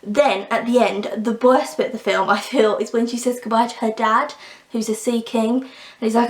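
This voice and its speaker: A young woman talks through a fairy tale and its film, opinionated and quick with sarcastic asides. Her voice sits fairly high. The room around her sounds roomy and echoey. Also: little pitch movement. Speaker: book and film reviewer. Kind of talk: casual chat. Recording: roomy echo.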